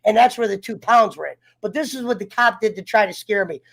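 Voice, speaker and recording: A man's voice: sits high, fast talker, gravelly, a bit bright. A man telling a personal story in casual chat, heated and profane, getting fired up as he talks. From United States. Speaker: round table guest.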